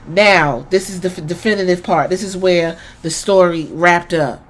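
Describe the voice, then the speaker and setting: A woman hosting a podcast, giving a casual, profane recap and acting out moments with sudden shouts. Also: fairly low pitch, normal speed. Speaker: podcast host.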